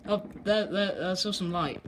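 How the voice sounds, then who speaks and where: A woman's voice: medium pitch, normal speed. A young woman, hosting her own channel in a casual, rambling, cheeky way, full of fillers, talking to camera from a living room. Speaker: channel host. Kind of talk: casual live commentary. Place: indoor living room by a window. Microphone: handheld camera. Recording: noisy home camera audio with clicks.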